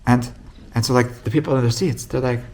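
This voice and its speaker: Male rabbi, gravelly tone, energetic storyteller, many restarts, acts out quotes. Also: brisk. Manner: animated storytelling, acts out quoted voices with big pitch jumps; many restarts and repeated words. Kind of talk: storytelling Torah class.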